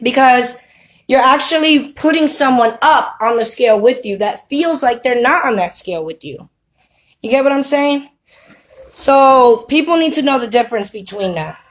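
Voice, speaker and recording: Her high, expressive voice comes through a rough recording at normal speed as she gives a preachy, streetwise spiritual talk at home. The vlogger, with children nearby, keeps checking in with "you know what I mean?"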